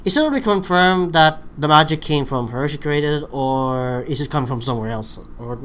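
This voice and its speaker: A man's voice: fairly high pitch, lively intonation, a little fast, fairly bright tone. Hesitant man hosting a livestream chat. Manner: hesitant, many ums and restarts, asks questions. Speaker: channel host.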